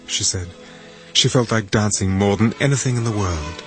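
A man narrating an audiobook in a measured, expressive way. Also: lowish voice, music in the background.

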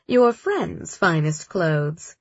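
A woman's voice: deep voice, sing-song, drawn-out words, a little mellow, breathy edge, no echo, lo-fi sound, exaggerated voice. A woman voicing a composed young woman warrior who speaks in a matter-of-fact way.

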